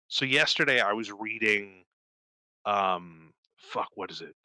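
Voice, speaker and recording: Swearing freely and slipping into quick character voices, a young podcast co-host tells a story in a casual, animated way. His fairly low, expressive voice comes across bright and forceful, recorded dry and close with no echo but poor sound.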